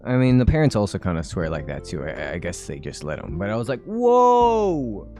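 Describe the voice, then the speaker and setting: A man's voice: deep voice, lively intonation, fast, mellow, faint music behind. A man in his twenties chatting casually on a live stream, rambling and laughing often.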